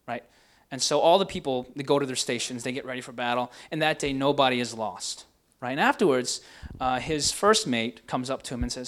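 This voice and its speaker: A young pastor with a medium-pitched, slightly bright voice speaks briskly, delivering a casual, conversational sermon to students. He often ends his points with "right?".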